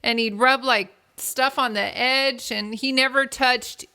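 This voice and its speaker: A woman co-hosting a podcast, telling stories in animated, casual chat with the odd swear word. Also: high-pitched, unhurried, clear, resonant tone. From United States. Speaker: podcast co-host.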